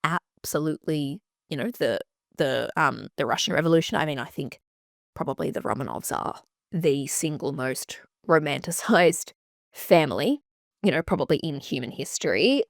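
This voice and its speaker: A woman hosting a podcast, chatting in an animated way and swearing freely. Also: low-pitched, normal speed, gravelly, no echo, clean studio sound. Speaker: podcast host. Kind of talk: casual chat.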